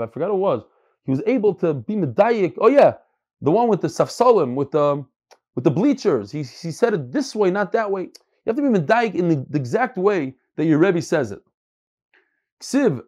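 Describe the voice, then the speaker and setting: A man's voice: on the high side, darkish tone. A man teaching a Talmud class, reading passages aloud and explaining them, often repeating words as he searches for phrasing.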